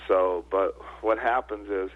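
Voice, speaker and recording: A man's voice: on the low side, fairly even intonation, measured pace. A man in his sixties, a guest on a radio show, telling stories in an emotional, earnest way. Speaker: guest speaker. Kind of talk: storytelling in a radio interview. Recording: tinny phone line.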